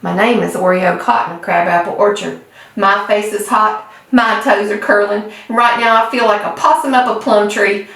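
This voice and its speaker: A woman reading a children's storybook aloud in a folksy, lively storytelling manner. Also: medium pitch, normal speed. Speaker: storybook reader. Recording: echoey room, distant mic.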